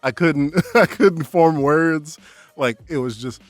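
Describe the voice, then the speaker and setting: A man's voice: a little high, slow pace, no room sound, soft background music. A young man vlogging casually, telling a story with lots of laughs and acted-out reactions. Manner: animated, laughing, acts out his own shouts.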